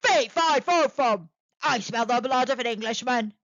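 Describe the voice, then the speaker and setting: A woman voicing a huge, fierce male giant who roars his chant loudly. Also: on the high side, moderate pace, dry recording, dull audio. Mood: roaring. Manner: roaring, loud chant.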